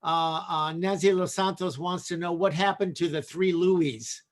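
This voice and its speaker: Chatty upbeat male host, high voice. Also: fairly even intonation. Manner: chatty, upbeat, quick quips. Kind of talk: casual chat, reading viewer questions.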